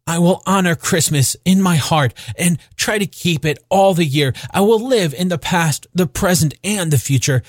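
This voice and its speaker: A man's voice: fairly high pitch, sing-song, normal speed, hardly any pauses, a bit bright, dry recording, clean studio sound. A man voicing an elderly repentant miser, talking in fervent, breathless exclamations for an audiobook. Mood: pleading. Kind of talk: audiobook character reading.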